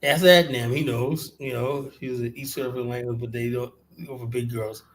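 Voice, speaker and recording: A man's voice: mid-range voice, fairly even intonation, normal speed. A man hosting a podcast, chatting in a laid-back, teasing way. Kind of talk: casual chat.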